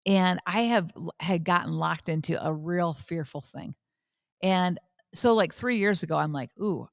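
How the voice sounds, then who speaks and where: A woman's voice: on the low side, no echo. Candid fifty-something woman podcaster, dry sound. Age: 50s. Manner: candid, animated storytelling with repetition. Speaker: podcast host. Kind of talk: casual faith talk.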